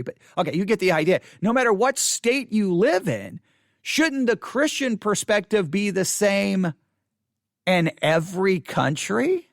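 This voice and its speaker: A man's voice: sits high, creaky, a bit bright, no echo, clean studio sound. A man hosting a theology podcast, talking in an emphatic, opinionated monologue full of repetition and wry asides. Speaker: podcast host. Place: West Texas.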